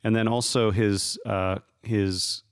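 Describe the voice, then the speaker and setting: Man, podcast co-host; lowish voice, dry close sound, hesitant, searching for words. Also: little pitch movement, slow, clean tone, no room sound. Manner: thinking aloud, searching for words. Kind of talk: casual chat.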